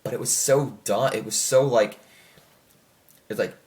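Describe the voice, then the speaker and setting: A man's voice: medium pitch, fairly even intonation, a little slow, long pauses, a little mellow. Male reviewer, casual, rambling, full of fillers and self-corrections. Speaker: show reviewer.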